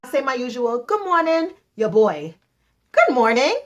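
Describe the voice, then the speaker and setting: A woman's voice: on the high side, very animated, normal speed. A young Trinidadian woman telling stories in a casual vlog chat, acting out quoted exchanges with big jumps in her voice. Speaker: vlogger.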